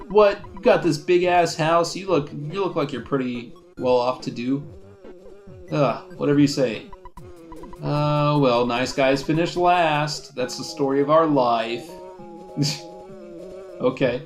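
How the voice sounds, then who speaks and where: A man's voice: fairly high pitch, slow pace, faint music behind. A young man casually commenting while playing a video game, musing aloud with lots of fillers. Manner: rambling, musing, with fillers and laughs. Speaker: let's play host.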